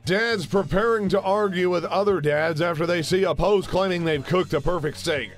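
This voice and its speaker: A young man casually riffing on memes in a jokey, animated way. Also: high voice, normal speed, few pauses, faint music behind. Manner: jokey, animated, slips into silly voices. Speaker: meme commentary host. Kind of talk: casual meme commentary.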